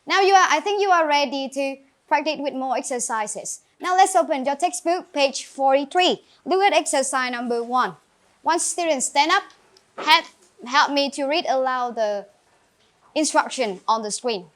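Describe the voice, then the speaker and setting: An English teacher with a Vietnamese accent leads a classroom grammar lesson in a high, bright voice, animated and at a moderate pace. She calls on students by name, drills new vocabulary and offers clear encouragement.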